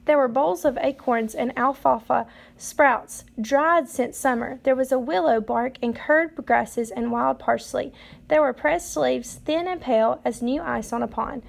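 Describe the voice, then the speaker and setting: A woman reading a children's picture book aloud in a steady, measured way. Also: high-pitched, creaky. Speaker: storyteller.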